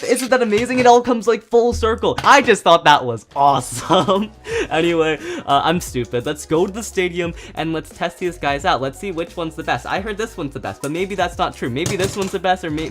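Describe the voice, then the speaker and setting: A fairly high-voiced man chats casually as he unboxes and tests toys on his channel. He sounds eager and easily excited, laughs often and trips over his words in quick restarts. Soft music plays faintly behind him. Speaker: toy reviewer and channel host. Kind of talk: casual unboxing and review chat.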